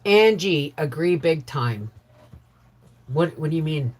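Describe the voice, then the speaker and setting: A middle-aged woman hosting a casual homestead livestream, greeting viewers by name and chatting warmly. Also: low-pitched, animated, takes it slowly. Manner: chatty, warm greetings to viewers, laughs often. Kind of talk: casual live chat reading viewer comments.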